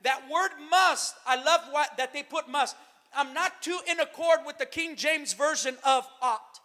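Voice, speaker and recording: A man preaching a sermon as pastor, calling out to the church and rising to shouted emphasis. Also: very high voice, measured pace. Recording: long reverb of a hall.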